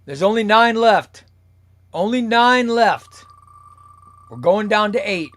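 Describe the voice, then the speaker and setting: A man's voice: high voice, expressive, slow, fairly bright tone. A man hosting a live comics stream, playfully calling out giveaway names one by one. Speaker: comic channel host.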